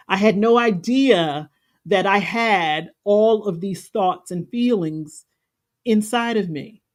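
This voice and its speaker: A woman spiritual coach giving an earnest, folksy, conversational talk on a live stream. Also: medium pitch. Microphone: live stream setup.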